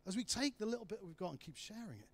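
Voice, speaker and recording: A man preaching a sermon, telling the story with lively acted-out voices of the people in it. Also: sits high, quick pace. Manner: animated storytelling, acting out voices of the disciples.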